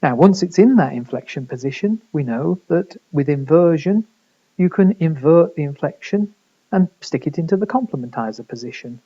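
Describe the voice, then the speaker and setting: A man's voice: fairly high pitch, mellow, muffled recording. A man giving a recorded university lecture, explaining step by step with frequent fillers and restarts. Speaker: linguistics lecturer.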